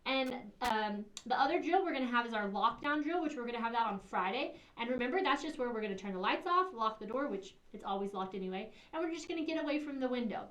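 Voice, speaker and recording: High-voiced woman making school announcements. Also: animated, fast talker, few pauses, a bit bright. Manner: sing-song teacherly, acts out kids' lines. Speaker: school administrator giving morning announcements. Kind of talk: school morning announcements to children. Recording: echoey room, far from mic, faint hiss.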